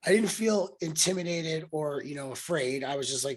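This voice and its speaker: A young adult man chats on his podcast in a fairly high voice. He tells stories with a lot of animation and leaps up in pitch and loudness whenever he quotes someone. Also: moderate pace, few pauses. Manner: animated storyteller, acts out quotes with sudden loud pitch jumps. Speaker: podcast host. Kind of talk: casual conversation.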